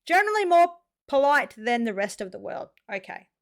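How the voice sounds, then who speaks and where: A woman's voice: on the high side, sing-song, brisk. A woman with an Australian accent hosting a reaction video, chatting casually and informally straight to her viewers.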